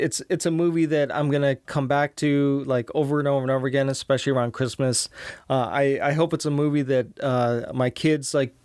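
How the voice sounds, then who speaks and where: A man in his thirties hosting a casual solo podcast, rambling with many restarts and acting out quotes in a higher voice. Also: darkish tone, smooth, no room sound, studio quality. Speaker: podcast host.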